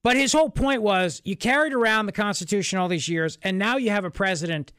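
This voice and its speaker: A male talk radio host with a high voice holds forth in an emphatic, sarcastic monologue, hammering his points through repetition. His studio microphone sounds close and dry, with no room around it. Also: fast talker, fairly bright tone, clear, resonant tone, dry recording.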